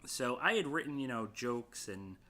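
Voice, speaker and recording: A man chatting casually on a podcast, his voice bright and forward. He rambles through his stories and swears freely as he goes. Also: medium pitch, expressive, normal speed. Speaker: podcast co-host. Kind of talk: casual chat.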